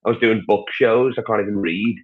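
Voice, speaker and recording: Low-voiced Scouse comedian on a tinny line. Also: male voice, a little fast, background noise. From Liverpool, England. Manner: crude, joking, rambling. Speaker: stand-up comedian guest. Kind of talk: casual podcast chat.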